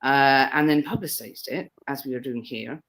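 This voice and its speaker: A woman's voice: a bass voice, moderate pace, fairly bright tone, low-quality recording. A woman, a guest on a radio chat show, giggly and hesitant, often repeating her words as she talks. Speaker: guest fundraiser.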